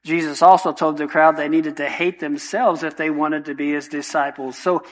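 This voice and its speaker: Male pastor, slightly high voice, earnest sermon delivery with repeated emphasis. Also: fairly even intonation, moderate pace, poor audio. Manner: earnest, emphatic with repetition and rhetorical questions.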